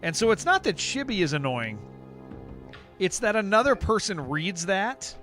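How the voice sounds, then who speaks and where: Rambling male game streamer, higher voice. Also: big pitch swings, normal speed, fairly bright tone, faint music behind. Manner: rambling, emphatic, reacts to chat messages. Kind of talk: casual live-stream chat with viewers.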